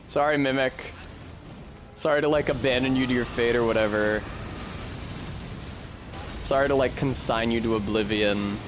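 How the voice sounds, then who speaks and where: A man's voice: medium pitch, steady tone, normal speed, pauses often, music in the background. A man streaming a game live, cursing and mocking himself as he plays. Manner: profane, self-mocking, exclamatory. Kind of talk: live gameplay commentary.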